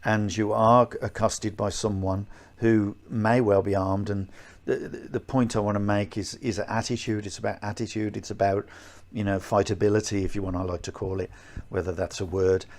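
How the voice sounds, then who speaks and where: Low-voiced man in casual chat. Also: flat delivery, moderate pace, few pauses, a little mellow. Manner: emphatic, repeats himself. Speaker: podcast co-host, martial arts instructor.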